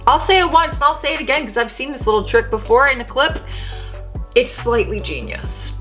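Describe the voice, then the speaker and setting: A woman's voice: sits high, fairly quick, soft background music. A young woman from Canada hosting a reaction video, talking in a chatty, sassy way from her bedroom. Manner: chatty, animated, sassy asides. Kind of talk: casual reaction commentary.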